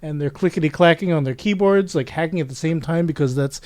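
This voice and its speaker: Man, podcast co-host, casual recap, slightly high voice, hesitant with fillers, dry close recording. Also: fast, darkish tone, no echo. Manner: hesitant, many ums, acts out quoted lines.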